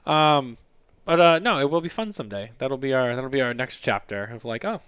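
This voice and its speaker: A man's voice: medium pitch, animated, fairly quick, a bit bright, smooth, dry recording. A man in his thirties hosting a casual podcast, telling rambling stories and swearing freely. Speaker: podcast host. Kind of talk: casual chat.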